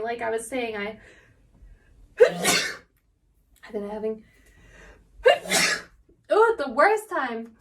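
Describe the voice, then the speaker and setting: A woman in a sneezing fit, talking haltingly and apologizing between coughs and sneezes. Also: a little high, far from the mic, background noise. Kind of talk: sneeze fetish role-play.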